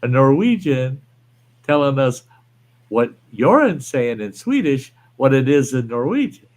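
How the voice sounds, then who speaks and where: A man's voice: mid-range voice, very animated, unhurried. A man hosting a livestream, chatting casually, rambling and reading viewer comments aloud. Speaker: livestream host. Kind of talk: casual chat.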